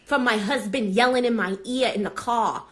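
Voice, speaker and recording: A brash, foul-mouthed grandmother, put on by a woman, rambling and easily sidetracked as she swears her way through a phone livestream. Her voice sits fairly high for a woman. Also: normal speed, close to an everyday voice. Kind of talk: improvised comedy character livestream.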